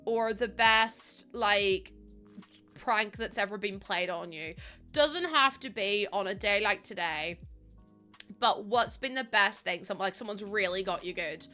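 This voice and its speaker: A woman's voice: medium pitch, measured pace, pushed and bright, faint music behind. A young adult woman, chatting heatedly to her live chat while she builds in a game. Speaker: live streamer.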